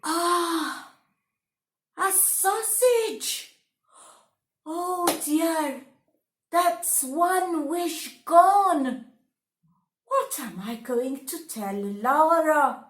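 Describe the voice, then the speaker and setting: A hungry, apologetic woodcutter husband in a storybook, voiced by a woman. The pleading voice sits high and moves very slowly, with an echoey room around it. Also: lively intonation, fairly bright tone, full character voice. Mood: dismayed. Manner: pleading, fumbling.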